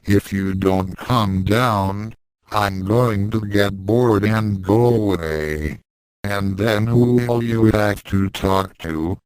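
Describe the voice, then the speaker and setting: A man's voice: on the low side, slow, smooth, no echo, rough recording. A man reading fan fiction aloud and voicing a sarcastic, mind-reading invisible cat with a dry, mocking manner. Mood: aloof.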